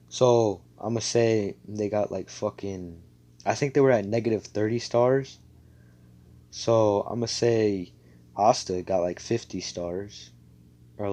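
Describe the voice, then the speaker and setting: A man with a low, mellow voice tells a fan story in a loose, rambling way. He fills gaps with "like" and "you know" and swears casually. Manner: rambling, full of fillers and swearing.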